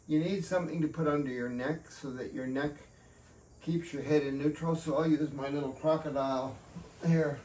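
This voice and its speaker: Fairly high-pitched and a little mellow, this man's voice belongs to a fitness instructor demonstrating exercises at home in a bedroom and by a doorway. His chatty, folksy style includes jokey asides to himself. An echoey room, distant mic and faint hiss mark the recording.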